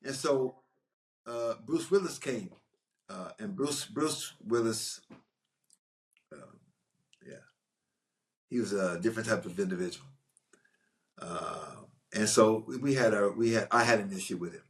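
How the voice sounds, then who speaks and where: Rambling, animated man with a lowish voice. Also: measured pace, long pauses. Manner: animated, rambling, frequent restarts. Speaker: actor guest recalling a film shoot. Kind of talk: casual anecdotal storytelling.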